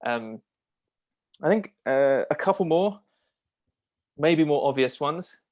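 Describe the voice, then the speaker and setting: Slow and expressive, with a darkish tone and a pitch on the high side, this man speaks in an interview as a copywriter and marketing strategist. He's casual and enthusiastic, often using fillers and restarting sentences.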